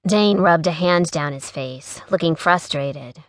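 A woman narrating a contemporary romance audiobook in a smooth, even storytelling manner on a close studio mic. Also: deep voice, slow pace, no echo.

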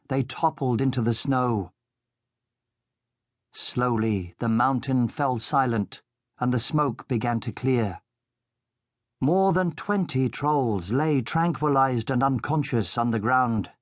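A man narrating a children's audiobook in a steady, measured storytelling voice into a studio microphone. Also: medium pitch, no echo.

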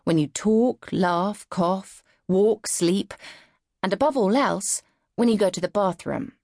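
A woman's voice: medium pitch, slow, vocal fry, darkish tone, dry recording. A woman reading a novel in the first person, frank and wry, on a close studio mic. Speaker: audiobook narrator. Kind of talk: first-person audiobook narration.

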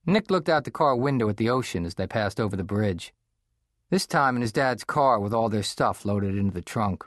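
A man narrating a children's audiobook in a measured, expressive storytelling manner, close to the mic. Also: fairly low pitch, dry recording. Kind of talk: scripted narration. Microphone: close studio mic.

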